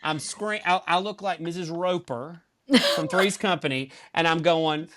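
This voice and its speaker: Animated Southern man telling comic stories. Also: on the high side, moderate pace. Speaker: podcast guest. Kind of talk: casual podcast storytelling.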